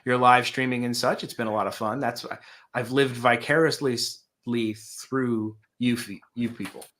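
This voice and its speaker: A man with a voice made hoarse by allergies, co-hosting a casual live show from home, chatty and self-deprecating. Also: medium pitch, fairly even intonation, moderate pace, a bit bright. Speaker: co-host. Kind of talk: casual chat.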